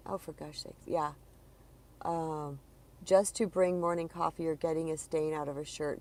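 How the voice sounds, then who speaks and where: Low-voiced woman, encouraging coach. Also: darkish tone. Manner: earnest, encouraging, conversational. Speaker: spiritual empowerment coach. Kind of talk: live-streamed motivational talk.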